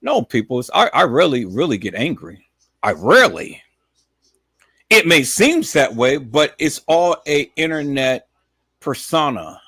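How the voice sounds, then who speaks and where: Emphatic man streaming, swings to shouting. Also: sing-song, measured pace, slightly rough, dry recording. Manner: preachy, repetitive, addresses viewers as peoples; swings from low muttering to loud emphatic shouting. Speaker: live stream host. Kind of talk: live stream monologue.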